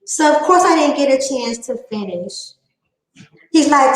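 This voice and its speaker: High-pitched Southern woman ranting defiantly. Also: roomy sound, poor audio. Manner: fast, high-pitched twangy talk, defiant and emphatic. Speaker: channel host. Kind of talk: casual vlog rant.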